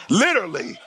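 A man pastor preaching a sermon through animated storytelling, with shouted punchlines and laughter along the way. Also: high-pitched.

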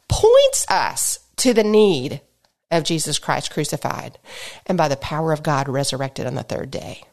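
A middle-aged woman with a congested voice, teaching the Bible on a podcast in an earnest, exhorting way, asking listeners direct questions. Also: mid-range voice.

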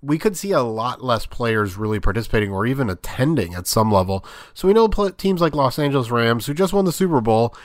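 A man's voice: mid-range voice, expressive, a little fast, hardly any pauses, no room sound, clean studio sound. A man hosting a sports podcast, talking through his views in a rambling, conversational way with lots of fillers. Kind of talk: casual sports commentary monologue.

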